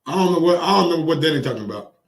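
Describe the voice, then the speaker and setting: A man hosting boxing commentary, reacting in casual, profane, excitable talk and repeating phrases for emphasis. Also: fairly high pitch, racing, creaky, reverberant, recorded from a distance. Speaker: boxing commentary channel host.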